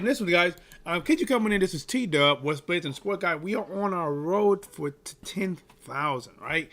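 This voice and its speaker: Male live-stream sports host, casual and animated, repeats himself and hypes the chat, slightly raised pitch. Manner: animated, repetitive, hyping the chat.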